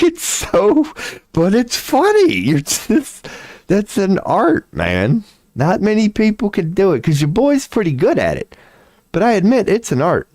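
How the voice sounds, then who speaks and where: A man's voice: mid-range voice, darkish tone, no echo, studio quality. A man in his forties chatting casually on a livestream, rambling and profane, laughing often as he talks. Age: 40s. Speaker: streamer.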